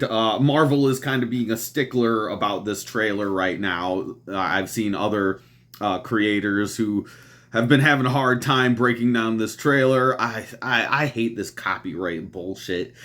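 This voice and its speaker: A man's voice: medium pitch, a bit bright. A man hosting a podcast, chatting casually and rambling, with frequent restarts, easy laughter and some casual swearing. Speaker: podcast host. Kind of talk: casual chat reacting to a movie trailer.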